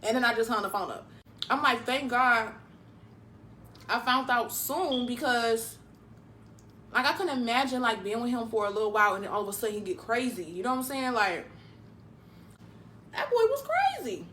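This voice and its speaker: Chatty young woman, higher voice. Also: a little fast, sharp tone, a little hiss or hum. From Detroit, USA. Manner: chatty, loose, full of "like" fillers. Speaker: mukbang vlogger. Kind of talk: casual storytime chat while eating.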